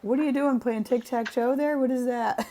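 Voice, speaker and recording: A woman's voice: high voice, steady tone, moderate pace, mellow, slight background noise. A young woman co-hosting a casual craft livestream, chatty and joking as she greets viewers by name. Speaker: co-host.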